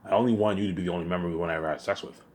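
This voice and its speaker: A man's voice: low voice, steady tone, very fast, darkish tone. A man delivering an agitated, repetitive, accusing rant straight to camera. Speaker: vlogger. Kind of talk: ranting monologue to camera.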